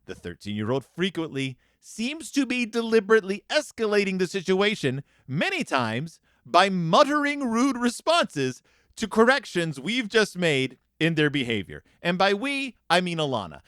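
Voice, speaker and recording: A man's voice: high voice, smooth, no room sound, studio quality. A middle-aged man hosting a podcast, reading lines from a picture book and commenting on them, acting out the quotes in different voices. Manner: animated, acts out quoted lines in changing voices. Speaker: podcast host.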